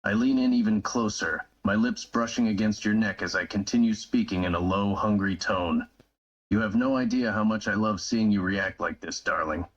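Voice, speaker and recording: A man playing a deep, husky brooding mercenary. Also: lo-fi sound. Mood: low seductive.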